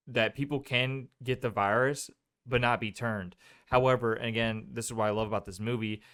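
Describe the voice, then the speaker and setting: On a podcast he co-hosts, a man with a clear, resonant, medium-pitched voice casually retells a movie's scenes. He acts out the characters' lines in an animated way, quoting them as part of a relaxed movie review chat.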